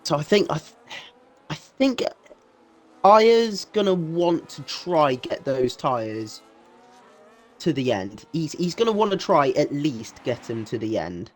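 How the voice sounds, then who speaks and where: Analytical sim racing co-commentator. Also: male voice, on the high side, sing-song, slow pace, slight background noise. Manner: analytical, repeats words when restarting. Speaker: race commentator.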